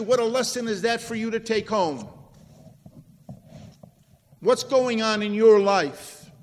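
A man delivers a sermon from the pulpit at an unhurried, measured pace. His voice sits high for a man, and he swings from loud stresses to hushed, near-whispered drops. A long reverb trails every word through the church hall. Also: a little hiss or hum. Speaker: pastor.

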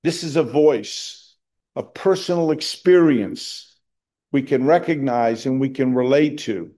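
A middle-aged man preaching a sermon as pastor, earnest and deliberate, lifting his voice on quoted scripture. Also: mid-range voice, warm tone. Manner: slow, earnest preaching with emphatic rises on quoted verses.

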